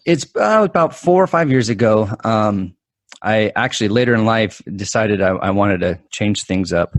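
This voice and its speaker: A man in his forties, a guest mental performance coach, telling stories in an animated, quick-talking way with frequent restarts. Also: fairly low pitch, no echo. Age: 40s. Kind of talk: conversational storytelling.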